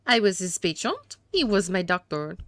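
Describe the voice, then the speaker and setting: A woman's voice: lowish voice, very animated, normal speed, fairly bright tone. A woman voicing a smug, condescending older dandy, with an attempted French accent and a haughty, formal way of talking.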